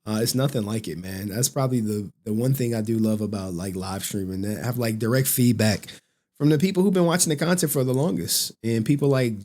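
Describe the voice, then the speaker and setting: A man's voice: medium pitch, a little fast, darkish tone. A man hosting a reaction video, talking casually with loose, profane, laughing asides. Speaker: host reacting to clips.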